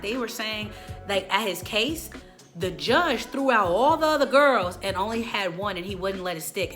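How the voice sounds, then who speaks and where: Bright-voiced woman ranting on camera. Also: on the low side. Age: late 20s. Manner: animated, opinionated, quotes people in put-on voices. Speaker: host. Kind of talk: casual video commentary.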